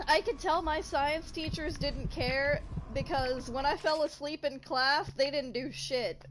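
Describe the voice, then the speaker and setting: A woman's voice: high voice, measured pace. A woman co-hosting a gaming stream, chatting casually and telling stories about school. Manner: chatty, animated storytelling. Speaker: co-host of a gaming channel. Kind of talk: casual chat while gaming. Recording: background noise.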